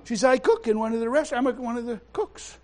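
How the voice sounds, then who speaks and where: A man preaching a sermon as pastor, emphatic and halting, with frequent restarts, swinging between quiet asides and loud exclamations. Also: very high voice.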